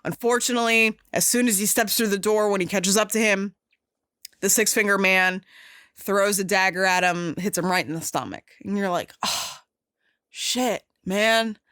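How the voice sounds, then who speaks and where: A young woman hosting a podcast, casually and excitedly retelling a movie scene with lots of swearing and fillers. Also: medium pitch, normal speed, dry recording, studio quality. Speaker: podcast host.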